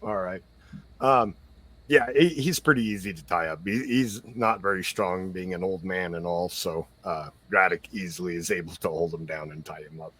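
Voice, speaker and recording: A man narrating a tabletop game as game master in a relaxed, halting way. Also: low voice, husky. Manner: relaxed, hesitant narration with fillers.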